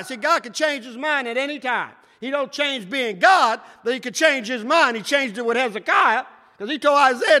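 A man preaching a sermon, shouting at times and swinging between loud and soft. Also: moderate pace. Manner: preaching with shouts and wide swings in pitch and loudness. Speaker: pastor. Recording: echoey hall.

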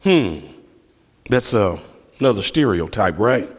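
A calm Irish homeowner correcting gently, as a man with a lively pitch quotes him. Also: measured pace. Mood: patient. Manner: mild, matter-of-fact corrections. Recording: long hall reverb.

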